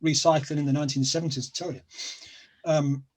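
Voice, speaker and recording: A middle-aged man with a Sheffield accent chats about local life as a guest, rambling and circling back with lots of fillers. His voice is a little husky and sits slightly high for a man. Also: little pitch movement, fast. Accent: Sheffield, South Yorkshire. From England. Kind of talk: casual chat.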